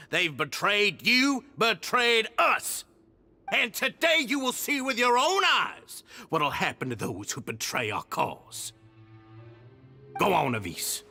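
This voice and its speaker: A tyrannical prison boss from a game with a Southern accent. He snarls and rants theatrically, his voice sharp and forceful, his pitch a little high and leaping all over. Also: heavily acted. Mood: menacing. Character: cruel male prison gang boss, furious tyrant. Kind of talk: game voice acting.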